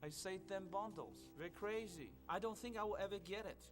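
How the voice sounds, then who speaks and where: An actor playing a brooding man in a film scene, speaking with an odd, hard-to-place accent and a flat, stiff delivery. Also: high-pitched, fairly quick, soft background music. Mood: bitter. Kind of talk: film dialogue. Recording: film clip played under a stream.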